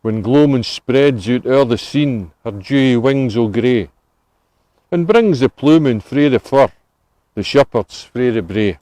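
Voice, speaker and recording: A Scottish man reciting Scots dialect poetry outdoors on a cemetery tour, with a measured, relishing delivery. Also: mid-range voice, expressive, warm tone, no room sound. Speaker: tour volunteer reciting poems.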